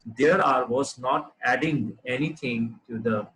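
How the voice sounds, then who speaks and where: A man teaching a lesson on clear writing, explaining examples step by step with frequent fillers and restarts. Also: mid-range voice, unhurried, a bit bright, a little hiss or hum, rough recording. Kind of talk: lecture on writing.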